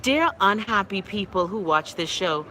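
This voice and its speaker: A Bahamian woman hosting her own livestream show, telling stories and reading viewer comments in a loud, animated way. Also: mid-range voice, moderate pace, a little hiss or hum, poor audio. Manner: animated, loud storytelling with bursts of laughter.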